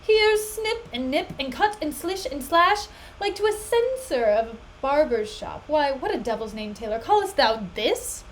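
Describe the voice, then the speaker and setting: A domineering young man scoffs at what he is shown, voiced by a woman reading aloud. The voice stays high, and the complaints come out overblown and mocking. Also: lively intonation, moderate pace, slight background noise, poor audio. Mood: scornful. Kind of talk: dramatic reading of a play.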